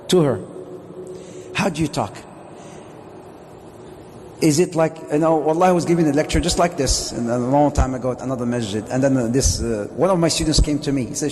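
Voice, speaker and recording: A man, a sheikh, giving a lively mosque lecture, joking and putting questions to his audience. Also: medium pitch, moderate pace, long pauses, a little hiss or hum. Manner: jokey, asks the audience questions. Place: Islamic centre hall. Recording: long reverb of a hall.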